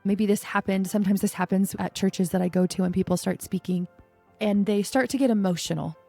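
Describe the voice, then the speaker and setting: A woman's voice: medium pitch, steady tone, brisk, vocal fry, warm tone, faint music behind. A middle-aged woman hosting her own podcast, talking in a casual, reflective way and often saying "like". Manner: casual, reflective, conversational with frequent "like". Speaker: podcast host and coach. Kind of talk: solo podcast talk.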